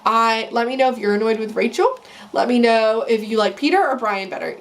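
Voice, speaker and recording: Opinionated young woman ranting, high voice. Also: brisk, slight background noise. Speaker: vlogger recapping a reality show. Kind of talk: casual chat.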